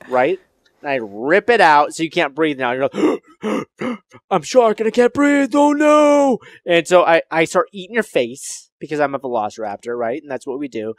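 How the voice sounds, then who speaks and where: A man in a playful debate, boasting and taunting his opponent in an animated way. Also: on the high side, no room sound. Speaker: debate contestant. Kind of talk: playful trash-talk debate.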